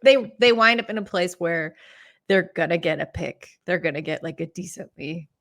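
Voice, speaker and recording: A woman's voice: lowish voice, fairly even intonation, moderate pace, a bit bright. A woman guesting on a casual sports podcast, chatty and self-deprecating.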